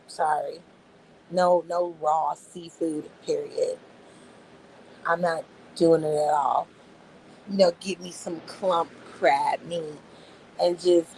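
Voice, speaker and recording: A woman's voice: lowish voice, fairly even intonation, slow pace, long pauses, darkish tone, a little hiss or hum, rough recording. A young adult woman on a casual livestream, speaking in a laid-back, slangy way and talking back to her chat. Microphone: phone.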